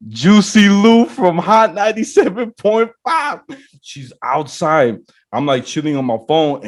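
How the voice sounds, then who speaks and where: A man's voice: mid-range voice, no echo. A man, a podcast host, casually telling a long story and acting out the people in it. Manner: animated storyteller acting out dialogue.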